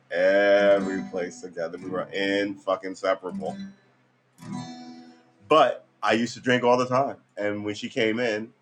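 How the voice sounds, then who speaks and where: A man's voice: on the low side, fairly bright tone. A man, tired and just woken up, casually rambling through a story while practicing guitar, with loose fillers and easy swearing. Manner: laid-back, swears casually, trailing fillers.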